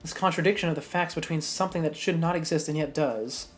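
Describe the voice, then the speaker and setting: A woman reading a grave, low-voiced prosecutor. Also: fast talker, soft background music, lightly acted. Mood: puzzled. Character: grave, composed male prosecutor.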